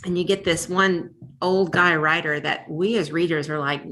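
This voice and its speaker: A woman's voice: lowish voice, steady tone, moderate pace, hardly any pauses, pushed and bright, slight background noise. A woman co-hosting a casual library book podcast, chatting in a rambling way with lots of fillers and restarts.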